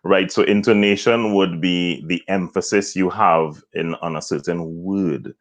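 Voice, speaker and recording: A man from Trinidad speaks with a very low, deep voice as an interview guest. He explains things patiently and step by step, like a voice coach teaching a lesson. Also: steady tone, a little slow. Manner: explanatory, demonstrates points with acted examples.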